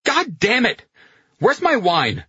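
A male narrator voicing a rough, hot-tempered male gunner who yells angrily. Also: sits high, wildly swooping pitch, slow, dry recording, lo-fi sound, pitched above the performer's own voice, heavily acted. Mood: angry. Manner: yelling angrily.

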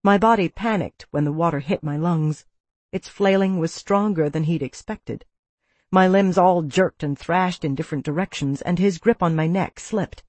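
A woman's voice: fairly low pitch, normal speed, darkish tone, no echo. A woman reading a first-person audiobook with tense, vivid storytelling. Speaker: narrator.

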